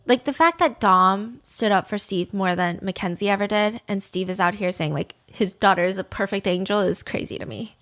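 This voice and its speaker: A woman's voice: medium pitch, normal speed, few pauses, fairly bright tone. A young woman hosting a true crime channel, telling a story in a chatty, opinionated way, swearing and saying "like" a lot. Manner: chatty, profane, opinionated, many "like"s. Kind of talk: casual storytelling.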